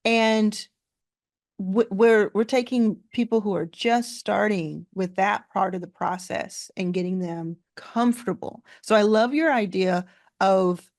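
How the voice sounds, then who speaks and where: A woman host with a gravelly edge to her voice talks business in a casual way. She is quick and affirming. The sound is dry and close. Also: medium pitch, a little mellow, no echo. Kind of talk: casual conversation.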